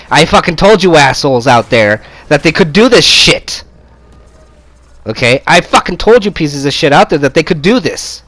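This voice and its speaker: A man, a gaming video creator, delivering an angry, profane rant to camera. He gloats loudly and stumbles into strings of stammered fillers. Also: on the high side, dry recording, rough recording.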